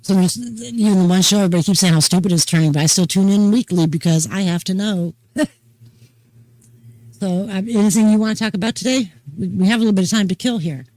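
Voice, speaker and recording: An older woman hosting a casual talk show, chatting in a folksy, unhurried storytelling way. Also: mid-range voice, mellow, dry recording, low-quality recording. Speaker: host. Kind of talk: casual chat.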